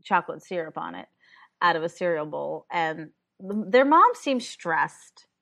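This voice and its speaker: A woman co-hosting a casual podcast, recapping a movie with lots of laughter and lively retelling. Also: lowish voice, a little slow, creaky. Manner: animated, laughs often, acts out lines from the film. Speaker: podcast co-host.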